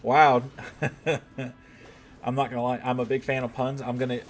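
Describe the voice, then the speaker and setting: A man's voice: medium pitch, completely flat delivery, rapid-fire, slight background noise. A man chatting casually on a live game stream, joking with his chat and swearing now and then.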